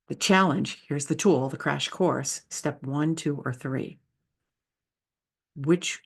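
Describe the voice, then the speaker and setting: Gravelly-voiced woman teaching leadership. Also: a bass voice, a little mellow. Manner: enthusiastic, conversational teaching. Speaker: leadership speaker and author. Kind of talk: presentation talk with slides.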